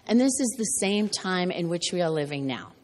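A woman preaching a sermon, her voice slightly raspy and hoarse, teaching in an earnest cadence with asides of "right?". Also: on the low side, animated, normal speed, a little mellow. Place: church sanctuary. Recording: church hall reverb.

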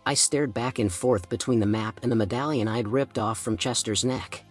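A man narrating a first-person audiobook in a steady storytelling manner. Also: medium pitch, normal speed, faint music behind.

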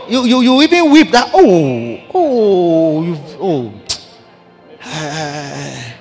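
A man with a Ghanaian English accent, a bishop preaching a sermon in animated, repetitive bursts, calling out to his congregation. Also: high-pitched. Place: large church hall. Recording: church hall reverb with congregation.

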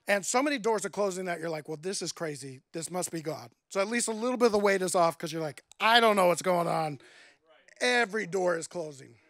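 A man's voice: high-pitched, quick pace, a bit bright, dry recording, clean studio sound. A man preaching a sermon, telling a personal story in a conversational way and acting out his own thoughts. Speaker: guest preacher.

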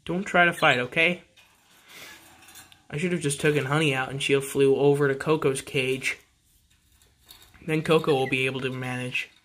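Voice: medium pitch, steady tone, moderate pace, pauses often, fairly bright tone, a little hiss or hum. A pet vlogger at home by the birdcages, coaxing the birds in casual, sing-song baby talk.

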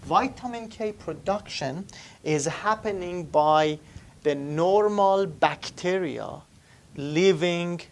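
A man teaching anatomy to a live class, asking students questions and repeating key terms while writing on the board. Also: fairly high pitch. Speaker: anatomy instructor. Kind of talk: classroom lecture.

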